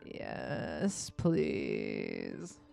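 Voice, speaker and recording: A timid, sorrowful young fantasy woman, voiced by a woman, speaking low and soft with long pauses. Her words come slow and hesitant. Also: wildly swooping pitch, creaky, soft background music, full character voice. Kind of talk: voicing game dialogue.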